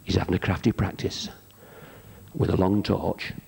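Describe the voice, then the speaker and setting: At a charity show, a stand-up comic on a theatre stage rambles through his jokes with a flat, gravelly delivery, hesitating with plenty of ums in between. For punchlines he leaps into high, shouted character voices.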